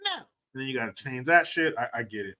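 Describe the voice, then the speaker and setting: A man's voice: mid-range voice, lively intonation, quick pace, bright, forceful tone. A man hosting a livestream and commenting in a mocking, profane, casual way. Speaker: livestream host.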